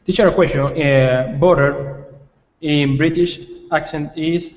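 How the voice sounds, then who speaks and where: A man learning English, reading words slowly and carefully one at a time and asking his teacher questions. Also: a little high, fairly even intonation, long reverb tail, muffled recording. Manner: slow, careful word-by-word reading.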